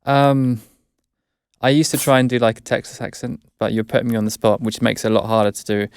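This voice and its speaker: Casual, hesitant English guy, talking with a bit of vocal fry, dry room. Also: medium pitch, fairly even intonation, fast talker, no room sound. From England. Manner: hesitant, self-correcting, laughs easily. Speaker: guest, English teacher. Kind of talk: casual chat.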